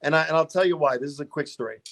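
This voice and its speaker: A man's voice: fairly high pitch, rapid-fire, a bit bright. A middle-aged man, a guest on a car podcast, telling rambling stories in a casual interview, laughing often and restarting his sentences.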